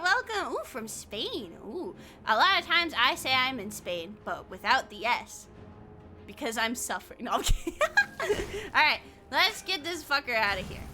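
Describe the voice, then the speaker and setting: A woman streamer with a high, bright voice that swings widely in pitch as she chats through her game. She is excitable, swears freely and laughs often, with sudden loud outbursts. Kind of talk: casual live-stream chat.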